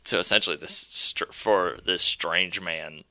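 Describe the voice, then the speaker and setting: A man's voice: deep voice, steady tone, a little slow, sharp tone, no room sound. A man casually recapping a movie scene by scene on a podcast, rambling and laughing as he goes. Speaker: podcast co-host.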